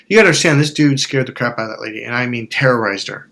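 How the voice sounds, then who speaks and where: A man's voice: mid-range voice, very fast, vocal fry, bright, forceful tone. A man, a life coach and hypnotherapist, telling a story in a frank, rambling way, swearing and then apologizing for it. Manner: rambling, self-correcting. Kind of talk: storytelling monologue.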